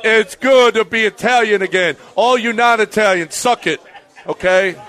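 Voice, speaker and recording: A man's voice: high voice, moderate pace, fairly bright tone. A man hosting a live radio show from a bar party, bantering brashly and reading ads. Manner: brash, teasing, salesman-like.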